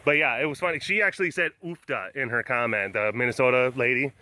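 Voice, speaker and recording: A man's voice: medium pitch, fast, few pauses, pushed and bright. A man vlogging outdoors in a casual, rambling way, joking with many fillers and restarts, filming on a phone. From Texas. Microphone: phone held in hand.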